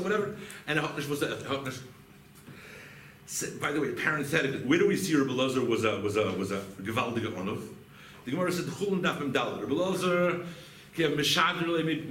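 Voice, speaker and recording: A man teaching a Talmud lesson as a rabbi, animated and often asking rhetorical questions with a quick "right?". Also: on the high side. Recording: echoey room with faint background noise.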